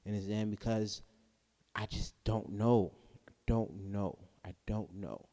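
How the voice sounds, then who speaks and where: A man's voice: on the low side, steady tone, slow pace, mellow, long reverb tail. A young man hosting a podcast, talking earnestly through a personal struggle and often repeating himself. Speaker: podcast host. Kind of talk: candid personal monologue.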